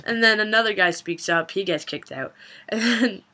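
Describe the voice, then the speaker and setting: A woman's voice: mid-range voice, normal speed, bright, forceful tone. A young woman vlogging a funny personal story in a casual, chatty way, swearing and laughing as she goes.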